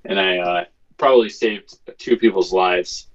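A podcast co-host tells a story in casual chat, his voice sitting low and a little slow. He is animated and profane and acts out the quotes, and the lo-fi recording sounds slightly dull.

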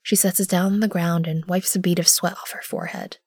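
Woman narrating in a low hush. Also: steady tone, slightly rough, dry recording, clean studio sound. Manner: measured, often hushed narration. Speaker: narrator and lead character. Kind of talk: first-person audio drama narration.

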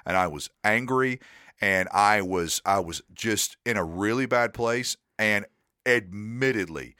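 Male podcast co-host, rambling self-deprecating storyteller, bright voice, dry close mic. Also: lowish voice, measured pace, dry recording. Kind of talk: casual podcast chat.

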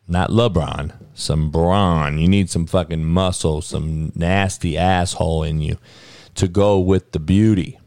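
A low-voiced man with a gravelly, fry-laden tone, hosting a sports podcast. He rants bluntly and curses freely. The sound is close and dry, with no room around it. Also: no room sound. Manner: profane, blunt, animated rant with frequent cursing. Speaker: podcast host. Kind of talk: casual sports commentary rant.

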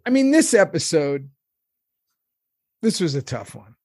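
A man co-hosts a podcast in loose, casual chat, wandering through stories full of fillers and little acted-out quotes. His voice sits a bit high for a man. The sound is dry and close, with no room around it. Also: big pitch swings, a little slow, darkish tone, dry recording. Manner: rambling storyteller, lots of fillers and acted quotes. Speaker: podcast co-host.

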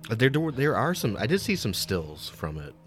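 A man's voice: mid-range voice, very animated, moderate pace, soft background music. A man co-hosting a true crime podcast, talking in a loose, hesitant conversational way. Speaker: podcast co-host.

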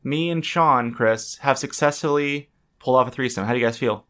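A man's voice: mid-range voice, brisk, a bit bright. A young man hosting a casual podcast, who rambles, interrupts himself and laughs often. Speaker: podcast host.

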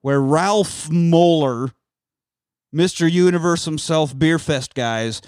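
Guy on a podcast swearing his way through a movie recap, kinda high voice, does all the lines. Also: slow, smooth, no room sound, clean studio sound. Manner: animated storytelling, acts out movie lines, swears freely. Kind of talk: casual profane chat.

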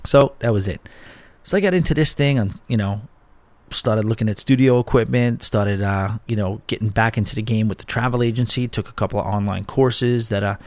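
Rambling low-voiced man podcasting. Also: brisk, darkish tone, dry recording. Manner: rambling, chatty, self-deprecating storytelling. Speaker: podcast host. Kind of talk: casual solo podcast chat. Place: home studio. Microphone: studio mic.

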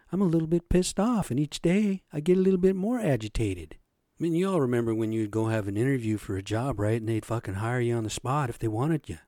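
A man's voice: medium pitch, mellow, no room sound, studio quality. A man ranting casually to his viewers, swearing a lot and tagging "right?" onto his points. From Native American. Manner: profane, agitated, keeps asking "right?". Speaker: vlogger. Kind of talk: casual rant to camera.

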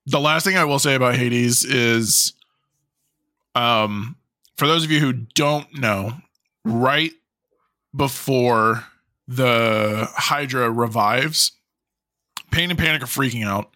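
A man co-hosting a podcast, casually discussing a movie, animated and swearing freely as he shares trivia. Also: mid-range voice, slow, long pauses, no room sound, studio quality. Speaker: podcast co-host. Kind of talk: casual movie review chat.

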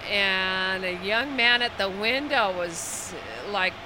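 A woman flight attendant telling a story from a night flight in a drawn-out way. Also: medium pitch, animated. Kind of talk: casual storytelling. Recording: noisy background.

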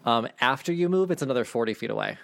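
A man's voice: mid-range voice, animated, fast talker, vocal fry, fairly bright tone. A man acting as game master, explaining rules casually and swearing now and then. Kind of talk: running a tabletop game.

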